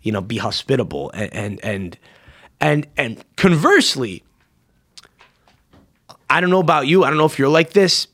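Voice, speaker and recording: A man in his thirties hosting a podcast, chatting casually and telling stories in a profane, animated way. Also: medium pitch, normal speed, long pauses, no echo, clean studio sound. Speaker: podcast host. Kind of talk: casual chat.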